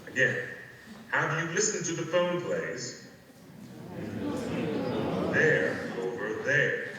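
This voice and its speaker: A man playing a calm, secretive guide who gives measured, deliberate instructions in a scripted audio play. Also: on the high side, heavy background noise. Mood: calm, instructive. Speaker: phone play narrator. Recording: echoey hall, voice from far off, faint ambience.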